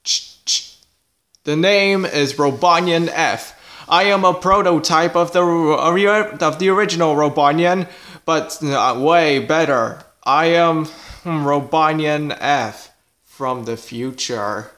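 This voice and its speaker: A man voicing a boastful robot cat from the future in a plushie comedy video, talking in a slow, halting way and making clicking "ch ch" noises. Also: fairly high pitch, fairly bright tone.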